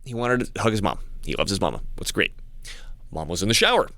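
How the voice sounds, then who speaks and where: A man talking in a casual monologue to his channel's viewers, halting with frequent restarts and repeated words. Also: fairly low pitch, big pitch swings, creaky, bright, forceful tone, no room sound. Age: adult with young child. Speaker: channel host.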